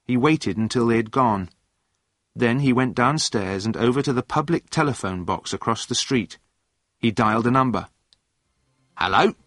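A man narrating a story aloud in a plain, clear reading voice. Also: mid-range voice, normal speed, fairly bright tone, no room sound, studio quality.

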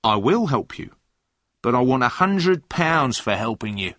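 A man's voice: medium pitch, big pitch swings, unhurried, bright, forceful tone, no room sound, studio quality, pitched above the performer's own voice, exaggerated voice. A man voicing a shifty, greedy male informer who speaks in a demanding, threatening way.

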